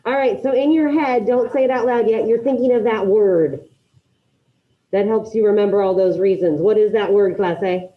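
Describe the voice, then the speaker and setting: A high school Spanish teacher with a medium-pitched voice speaks at normal speed while teaching online. She singles out students by name and supports their answers with encouragement. The video call audio is dull and lo-fi.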